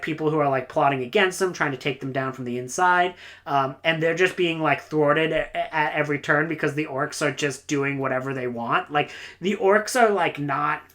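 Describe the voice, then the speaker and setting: A woman reviewing books in a casual, rambling monologue, enthusiastic and full of "like" and "uh". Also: sits low. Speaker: book reviewer.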